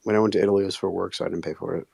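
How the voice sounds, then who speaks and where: A man chatting on a live audio call, excitable and slangy, swearing casually. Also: low voice, very fast, gravelly, husky, no echo. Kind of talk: casual chat.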